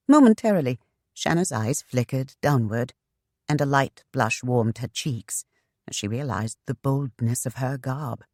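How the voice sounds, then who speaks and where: An audiobook narrator reading a historical romance in an even, measured style. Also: mid-range voice, dry recording, studio quality. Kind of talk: scripted narration.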